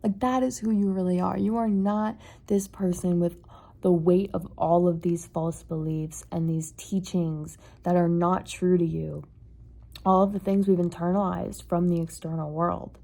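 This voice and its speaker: A woman vlogger giving an earnest, soft-spoken reflective monologue, peppered with "like" and "kind of". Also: lowish voice, fairly even intonation, a little slow, vocal fry.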